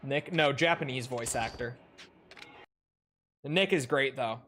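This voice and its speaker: A man's voice: mid-range voice, slow pace, fairly bright tone, slight background noise. A young man from Minnesota streaming a game, chatting loosely and joking with frequent swearing. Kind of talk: casual gameplay stream chat. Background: game music.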